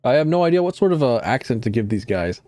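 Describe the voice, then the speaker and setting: A man's voice: medium pitch, big pitch swings, quick pace, warm tone, soft background music. A young adult man casually commenting while streaming a game, rambling and self-deprecating with stumbling restarts.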